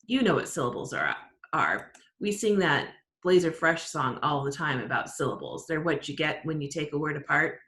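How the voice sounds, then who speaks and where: A woman teacher giving an online writing lesson to her class, upbeat and encouraging, explaining slowly. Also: low voice, expressive, fairly bright tone. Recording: roomy echo.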